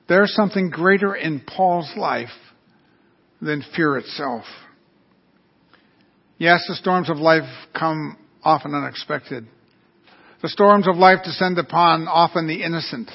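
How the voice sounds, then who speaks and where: A man's voice: a little high, a little slow, gravelly, pauses often, slightly rough. A man preaching an earnest, storytelling sermon. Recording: dull lo-fi recording.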